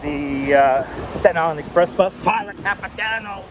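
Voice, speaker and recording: A chatty man with a fairly high voice talks casually to his viewers, greeting them by name as he walks. He is outdoors on a clip-on mic, and loud street traffic rumbles behind him. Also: normal speed, low-quality recording. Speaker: livestreamer walking the city. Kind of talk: casual livestream chat to viewers. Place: outdoors on busy city streets in summer heat. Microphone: wireless clip-on mic.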